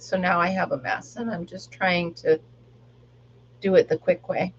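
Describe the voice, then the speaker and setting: A woman's voice: fairly low pitch, steady tone, measured pace, long pauses, slightly rough, lo-fi sound. A middle-aged woman chatting casually on a live stream while she crafts, laughing often and rambling about her day. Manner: chatty, laughs often, sings along softly. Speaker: livestream crafter.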